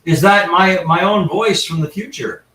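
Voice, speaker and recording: A man with a slightly raised pitch tells paranormal stories in a loose, rambling way, often restarting his sentences. He sits well back from the mic. The room around him sounds echoey. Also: normal speed, pushed and bright, far from the mic. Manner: rambling, with frequent restarts and asides. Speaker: guest paranormal investigator. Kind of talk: casual anecdotal storytelling.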